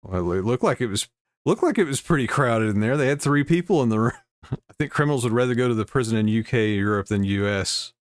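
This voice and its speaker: A man's voice: medium pitch, expressive, fairly quick, dry recording. A man hosting a casual commentary video, reading news aloud and adding wry asides with frequent chuckles. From United States.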